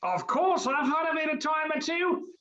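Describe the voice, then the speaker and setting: A woman's voice: sits high, animated, moderate pace, a bit bright, highs cut off. A woman voicing a cheerful, obliging male creature, with a put-on British accent that slips toward Australian, in an improv comedy scene. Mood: chummy. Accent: put-on British, drifting to Australian. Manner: chatty, drops casual fillers, playful.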